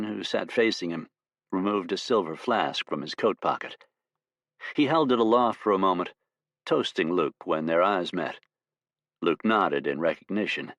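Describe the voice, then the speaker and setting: A man narrating an audiobook in a steady, measured storytelling voice. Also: fairly low pitch, dry recording.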